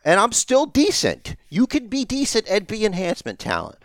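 Podcast co-host, middle-aged man, high animated voice, dry close mic, ranting and profane. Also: moderate pace, no echo. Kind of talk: casual wrestling podcast chat.

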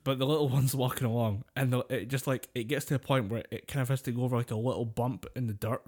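A man's voice: medium pitch, fairly even intonation, quick pace, darkish tone. A man co-hosting a casual podcast, telling a story with a lot of swearing and laughter. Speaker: podcast co-host. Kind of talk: casual chat.

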